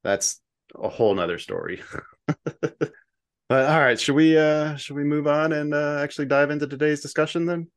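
A man hosting a casual podcast, easygoing and quick to laugh, steering the conversation. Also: a little high, clear, resonant tone. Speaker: podcast host.

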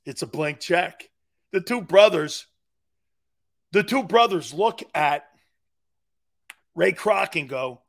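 A man's voice: sits high, expressive, slow, creaky, pauses often, a bit bright. A man hosting a sports radio show, talking in a rambling, jokey monologue, laughing often and slipping into silly voices. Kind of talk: animated sports talk monologue.

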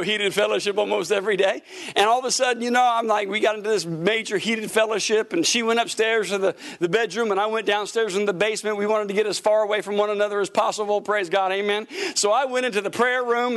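Lively high-voiced man preaching a sermon. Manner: animated storytelling, repeats "Praise God, amen". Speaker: pastor.

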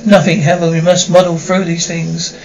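A woman's voice: fairly low pitch, level tone, brisk, a little mellow, highs cut off, close to an everyday voice. An actress playing a greedy, scheming wife who mourns her husband sarcastically and theatrically, in 1950s TV drama style. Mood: mock grief.

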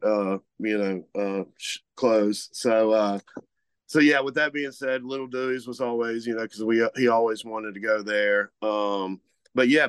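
A man's voice: fairly low pitch, clear, resonant tone, no echo. Guy from rambling on, lots of um and uh, dead dry mic. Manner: rambling, many fillers and restarts. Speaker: co-host, meat market owner. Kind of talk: casual chat.

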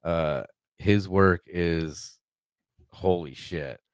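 Low-voiced profane man rambling. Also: drawn-out words, no room sound. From Arkansas, United States. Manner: rambling, profane, animated retelling with quoted voices. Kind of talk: casual storytelling chat.

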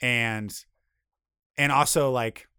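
A middle-aged man tells stories in a lively, teasing way, a guest on a casual chat. His voice sits at an ordinary pitch. The sound is dry and close, with no room around it. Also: clean tone, no echo. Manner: animated storyteller, quick teasing banter. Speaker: podcast guest, comedian and children's TV writer.

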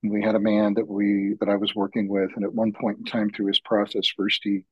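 A man's voice: on the low side, completely flat delivery, breathy edge, no room sound, lo-fi sound. A man guesting on a podcast and telling heartfelt, reflective stories from his work as a men's retreat facilitator. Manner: reflective, heartfelt, slow-building. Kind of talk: earnest personal storytelling.

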